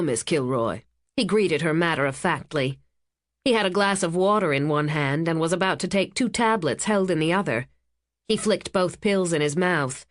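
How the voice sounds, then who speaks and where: A woman reading a thriller audiobook in a calm, steady narration. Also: fairly low pitch, dry recording, studio quality. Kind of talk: scripted narration.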